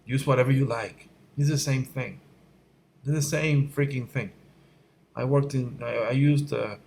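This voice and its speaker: A middle-aged man from Venezuela with a low voice answers viewer questions in a casual Q&A, speaking as a visual effects instructor. He is candid and blunt and often gets worked up and emphatic. A faint hiss sits under his voice, recorded on a fixed mic at home at night. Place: room at home at night by a window. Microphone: fixed mic, voice fades when he turns away.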